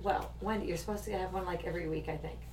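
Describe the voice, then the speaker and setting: Sitting on a couch indoors, a middle-aged woman who hosts a podcast and owns a shop chats casually and laughs often, her darkish, lowish voice steady but racing. The room is echoey, the mic distant, with faint noise.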